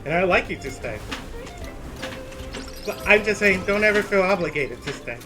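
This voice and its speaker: High-voiced man streaming while walking. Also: lively intonation, moderate pace, over music. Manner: playful, teasing, laughs often, drops into Spanish phrases. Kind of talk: casual live-stream chat while gaming and walking.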